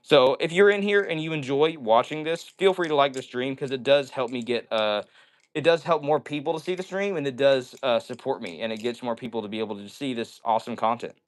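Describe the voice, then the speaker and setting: A male streamer with a mid-range voice talks fairly quickly during a laid-back indoor livestream chat. He jokes around and reads viewer comments out loud.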